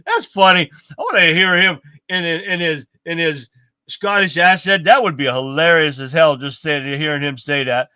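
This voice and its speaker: A man's voice: on the high side, steady tone, moderate pace, sharp tone, clean tone, dry recording. A man hosting a live political commentary stream, reading headlines aloud and reacting bluntly with plenty of profanity. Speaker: livestream host.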